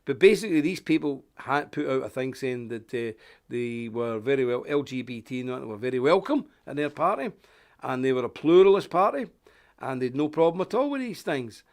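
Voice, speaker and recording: A man's voice: mid-range voice, lively intonation, brisk. A middle-aged man with a Northern Irish accent, hosting a live online commentary, rambling and indignant as he reads from a paper and greets viewers. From Northern Ireland. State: coughing. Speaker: host.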